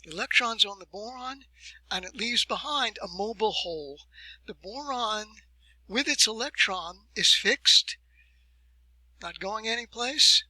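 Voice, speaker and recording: A man giving a recorded university lecture, explaining step by step with deliberate emphasis and rhetorical questions. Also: sits high, animated, sharp tone, no echo, rough recording.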